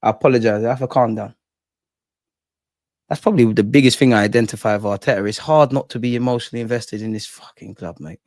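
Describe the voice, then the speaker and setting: A young man with a medium-pitched, darkish voice talks quickly while hosting a live football watch-along. He reacts passionately to the match with slang, banter and frequent swearing. The recording has no echo.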